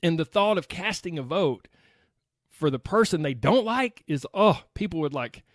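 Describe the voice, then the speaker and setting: A man's voice: fairly high pitch, lively intonation, normal speed, no room sound, clean studio sound. A man with a Southern American accent hosting a solo podcast in an upbeat, chatty way, talking straight to his listeners. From United States. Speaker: podcast host.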